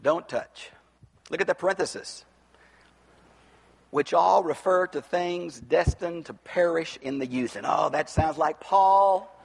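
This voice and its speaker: A man preaching an expository Bible sermon, teaching from the text and rising to near-shouts on his rhetorical questions. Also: a little high, unhurried, creaky, breathy edge, big-room sound.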